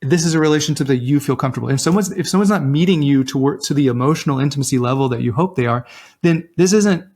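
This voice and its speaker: Co-host, male, higher register, animated advice-giver who quotes people as he goes. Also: fast talker. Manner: animated, acts out quoted voices, many restarts. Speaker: relationship podcast co-host. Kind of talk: casual advice chat.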